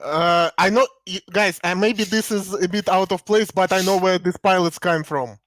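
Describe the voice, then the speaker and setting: A man chatting casually on a comedy stream, halting with many fillers and telling deadpan jokes. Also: sits high, no room sound. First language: Russian. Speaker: co-host. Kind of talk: casual chat.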